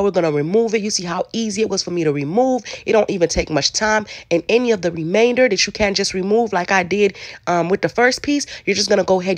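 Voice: mid-range voice, no echo. A home cook giving a casual cooking tutorial in a kitchen, talking straight to viewers and calling them baby, in loose, colloquial speech with many repeats.

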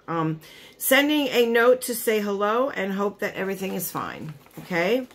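A woman's voice: mid-range voice, lively intonation, moderate pace, fairly bright tone. Gushing, emotional woman vlogger. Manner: gushing, emotional, chatty with lots of "like" and "you know". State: choked up, near tears. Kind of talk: casual chat to camera.

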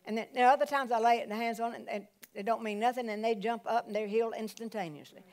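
Woman pastor, lively sermon delivery, slightly high voice, calls out often. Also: quick pace. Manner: animated preaching with exclamations.

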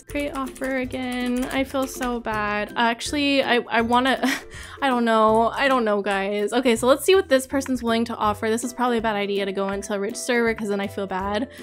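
A young woman doing gameplay commentary as a YouTuber, excitable and gushing, often apologetic. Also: on the high side. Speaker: gaming YouTuber.

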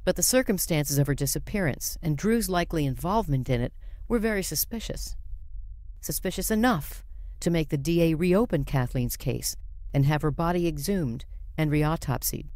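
A middle-aged woman hosting a true-crime podcast, narrating cases with crisp emphasis and interviewing guests. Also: sits low, expressive, normal speed, darkish tone, dry recording. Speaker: podcast host.

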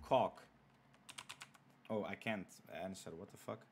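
A man's voice: low-pitched, steady tone, slow pace, a little mellow, a little hiss or hum. A young man streaming a horror game, cracking crude jokes and reading on-screen messages aloud. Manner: profane, joking, reads on-screen text aloud. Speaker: gaming streamer. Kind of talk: let's play commentary.

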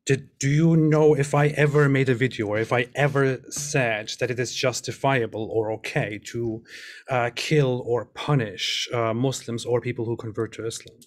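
A man in a heated online debate, calmly pressing the same question again and again. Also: mid-range voice, normal speed. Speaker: ex-Muslim debater.

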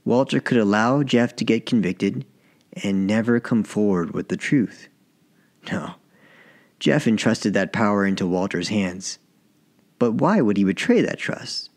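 A man narrating his own short story as an audiobook, in a measured, even reading. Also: lowish voice. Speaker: author and narrator.

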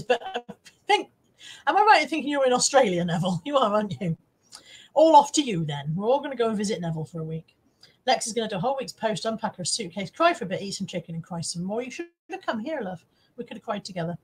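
A woman's voice: fairly high pitch, husky. A woman hosting a casual live stream, chatting to her viewers and reading out their comments, self-deprecating and swearing now and then.

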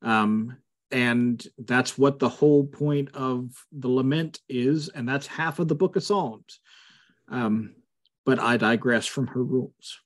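A man of middle pitch guides a Bible study over a video call. He speaks casually, with many fillers, and breaks into firm asides when he feels strongly. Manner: conversational, frequent fillers, emphatic asides. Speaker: pastor leading a Bible study.

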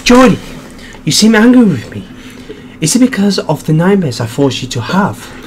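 A man putting on a high-voiced female ship counselor. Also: very animated, moderate pace, a little hiss or hum. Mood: concerned. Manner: raised, falsetto-leaning, sympathetic. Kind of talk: comedic script reading.

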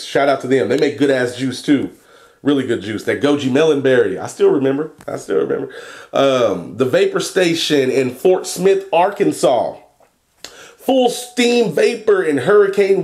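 A young man talking casually in a vlog, cursing and joking as he reads a long list of shout-outs and stumbles over place names. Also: mid-range voice. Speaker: vlogger and e-liquid maker.

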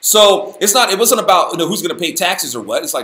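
A man hosting a casual Bible study, talking in an animated, folksy, slangy way. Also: sits high, fast, roomy sound. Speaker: host, Bible teacher.

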